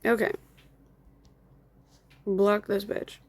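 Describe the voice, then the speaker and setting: A woman's voice: mid-range voice, moderate pace. Irritated young woman ranting while blocking people. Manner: agitated, swearing, mutters while blocking users. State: upset and irritated. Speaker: content creator. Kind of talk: angry screen-recording rant. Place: home with dogs, construction noise outside.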